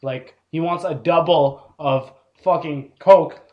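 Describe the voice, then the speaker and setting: A man's voice: fairly high pitch, takes it slowly, lo-fi sound. A young man hosting a casual podcast, swearing often and laughing as he tells work stories. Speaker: podcast host. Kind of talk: casual drunken banter. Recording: echoey room, audio-only podcast.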